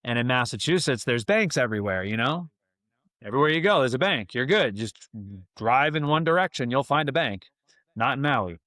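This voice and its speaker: A young man telling a long story, easygoing and animated, and he drops "man" and "dude" everywhere. His voice sits mid-range, and the room sound is dry and close. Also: mid-range voice, normal speed, no echo. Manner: animated, slangy, says "man" and "dude" a lot. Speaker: guest. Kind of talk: casual storytelling.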